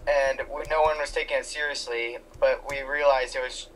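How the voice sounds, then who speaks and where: A man's voice: medium pitch, fairly even intonation, normal speed, a bit bright, slight background noise, rough recording. A man playing along in a gaming session, teasing his friends and telling rambling stories full of fillers. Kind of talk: casual let's-play chat.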